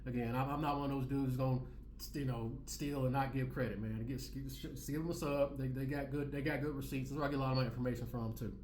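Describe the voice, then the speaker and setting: A man's voice: mid-range voice, fairly even intonation, fast talker, a little mellow, roomy sound, a little hiss or hum. A man giving reaction commentary in a preachy, repetitive way, full of street slang. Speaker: commentary vlogger.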